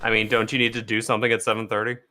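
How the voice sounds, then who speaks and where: A man's voice: fairly low pitch, completely flat delivery, very fast, pushed and bright. A man joking and teasing his friends on a casual game stream. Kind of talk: casual gaming stream chat.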